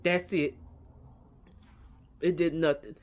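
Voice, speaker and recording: A woman's voice: sits low, steady tone, slow pace. A woman vlogger giving a casual, earnest reaction to a documentary. She repeats herself often and leans on "like" and "you know.".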